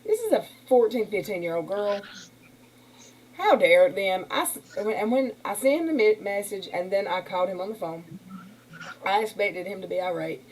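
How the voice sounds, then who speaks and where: A woman's voice: mid-range voice, expressive, moderate pace, darkish tone, slight background noise, rough recording. A woman hosting a casual livestream, talking in a rambling, indignant way. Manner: rambling, indignant, uses y'all. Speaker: livestream host. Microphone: computer mic on a stream.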